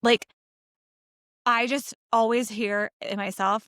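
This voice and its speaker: A woman in her thirties with a fairly high voice, co-hosting a casual podcast. She tells stories with animation, climbing in pitch as she makes a point. The sound is dry and close to the mic. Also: moderate pace, dry recording. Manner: animated storyteller, rises in pitch when emphatic. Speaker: podcast co-host. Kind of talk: casual chat.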